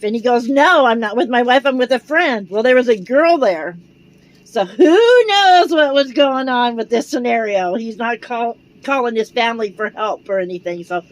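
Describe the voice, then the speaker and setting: An older American woman, a vlogger, telling a rambling, animated story in a casual way. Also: on the high side, low-quality recording. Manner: rambling, animated, retells dialogue.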